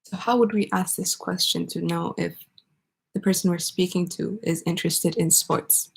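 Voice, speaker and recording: A woman teaching an online English grammar lesson, explaining step by step and pausing for student answers. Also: lowish voice, steady tone, vocal fry, slightly rough.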